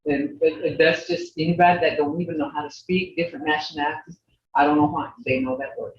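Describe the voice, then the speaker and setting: An older woman teaching an online language class, patiently repeating words slowly for her learners. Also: sits low, fairly even intonation, distant mic. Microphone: video call. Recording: roomy lo-fi video call audio from off-mic.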